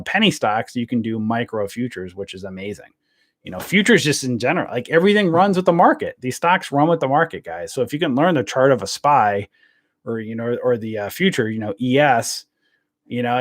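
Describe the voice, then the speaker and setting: A man hosts a casual live trading stream in a brisk, mid-range voice with lively intonation. He rambles, uses lots of fillers, and calls his viewers "guys."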